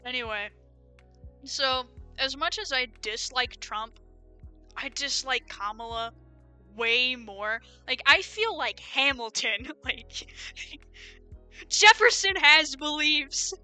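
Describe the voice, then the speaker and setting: A woman's voice: sits high, slow pace, pushed and bright, soft background music. A young American woman with an American accent, giving an opinionated, rambling livestream rant full of fillers. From United States. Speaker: streamer.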